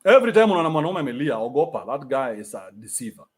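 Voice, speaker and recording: A man's voice: fairly high pitch, sing-song, quick pace. A man with a Kenyan accent hosting a livestream, reading out donations and ranting bluntly with plenty of profanity.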